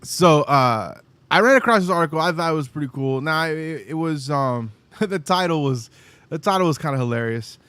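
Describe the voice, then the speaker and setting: A man's voice: a little high, animated, normal speed, a bit bright, clear, resonant tone, no room sound. A man co-hosting a casual faith podcast. He rambles, often restarts phrases, and reads news articles aloud. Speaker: podcast co-host.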